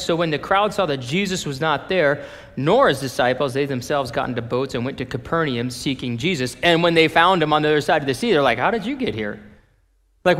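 A male pastor preaching a sermon, telling the story in an animated way and acting out the people in it. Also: a little high. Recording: long reverb of a large hall.

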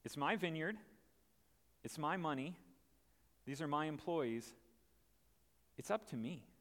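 A stern vineyard master states his terms evenly and without apology, as a preacher puts him on. His voice is lively in pitch, with a long reverb behind it. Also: a little slow. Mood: firm. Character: calm stern vineyard owner, adult man, firm.

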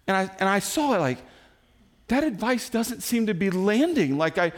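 A man in his forties preaching a sermon, telling the story in an animated way and acting out the quotes himself. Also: high voice, moderate pace. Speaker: pastor.

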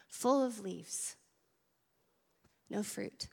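Speaking a little slowly in a high-ish, creaky voice, a woman who serves as teaching pastor delivers a sermon in a large hall. Her tone is earnest yet conversational, and she turns to the congregation with asides.

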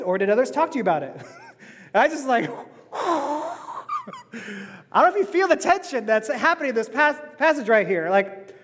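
A high-pitched man preaches a sermon in an animated way, laughing often and acting out bits of dialogue. His voice rings out with a long reverb, as in a large church sanctuary. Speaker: pastor.

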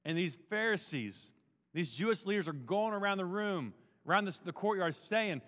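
A man with a high voice preaches with emphatic, down-to-earth energy and drops casual slang between solemn points. His voice rings out with a long reverb from a large hall. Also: lively intonation, normal speed, a bit bright. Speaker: pastor. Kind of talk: sermon.

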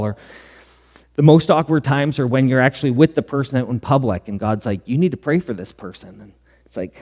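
A man's voice: mid-range voice, a little mellow. Male pastor, middle-aged, earnest sermon storyteller, long hall reverb. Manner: earnest storytelling with quoted dialogue.

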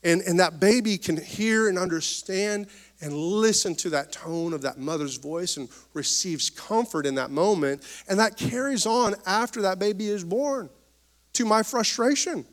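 A man's voice: high-pitched, measured pace. A man in his thirties preaching a sermon, with folksy humor, rising and falling emphasis and calls for amens. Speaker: pastor.

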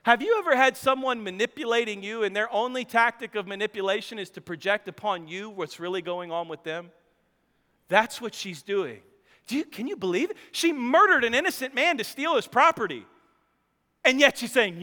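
High-voiced bright male preacher, reverberant hall. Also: animated, normal speed. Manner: dramatic storytelling with joking asides. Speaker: pastor. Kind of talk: sermon.

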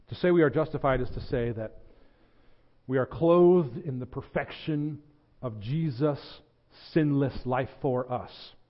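A man's voice: medium pitch, lo-fi sound. Earnest Southern man preaching a sermon. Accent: Southern American. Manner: earnest, builds to emphatic, repeats words when stressing a point. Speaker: pastor.

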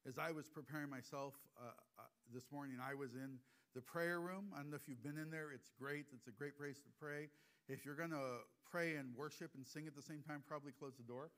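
Animated man giving a heartfelt sermon. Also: fairly high pitch, brisk. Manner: animated, acts out little dialogues, turns soft and hushed when moved. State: emotional. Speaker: preacher, hospice chaplain. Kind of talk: conversational sermon with personal stories. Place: church gathering.

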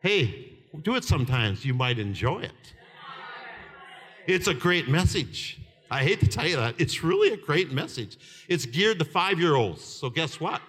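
An older man in his seventies delivers a fervent sermon in a high voice. His tone is bright and ringing, and he tells stories with laughter and shouted peaks. The sound carries a long hall reverb. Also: sing-song, unhurried. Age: 70s. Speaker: preacher.

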